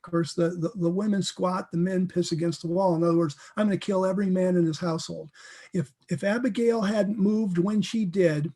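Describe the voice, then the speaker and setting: Leading a Bible teaching, a man with a fairly high, mellow voice speaks earnestly and emotionally. He often repeats words and restarts his sentences.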